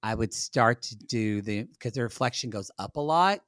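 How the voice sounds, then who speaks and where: A man guesting on a podcast, chatting casually about reality TV in relaxed, agreeable back-and-forth. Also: medium pitch, normal speed, no echo, studio quality. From United States. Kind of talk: casual reality TV recap chat.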